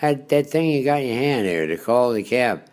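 An older man putting on the voice of an excited Baltimore cab driver with a Baltimore accent. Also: mid-range voice, normal speed, voice pushed up, natural voice. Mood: amazed.

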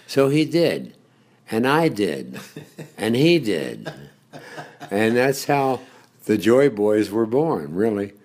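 An older man, a longtime radio host, telling stories in an interview, rambling with chuckles and pauses. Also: on the low side, big pitch swings, a little mellow. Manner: rambling storyteller with frequent uh's and chuckles. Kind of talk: reminiscing interview.

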